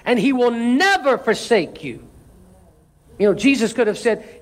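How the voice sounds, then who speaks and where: A man with a high voice for his sex preaches to his congregation. He drives home his points by repeating them and calls on the listeners to answer back. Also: lively intonation, unhurried. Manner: emphatic preaching with call-and-response. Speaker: pastor. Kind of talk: sermon.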